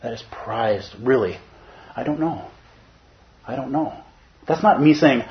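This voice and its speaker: A man giving a Zen dharma talk in an animated, playful way, at times putting on other voices. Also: medium pitch, moderate pace, highs cut off. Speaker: Zen teacher.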